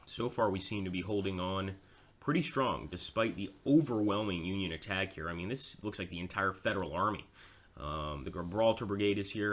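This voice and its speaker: A man's voice: sits low, fairly bright tone. A man giving casual, chatty commentary over a strategy game, mocking himself now and then.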